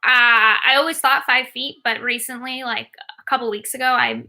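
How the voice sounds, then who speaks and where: A woman's voice: fairly high pitch, fairly even intonation, normal speed, sharp tone. A woman in her thirties, a sports agent, casually answering viewer questions while watching a game, with many ums and likes.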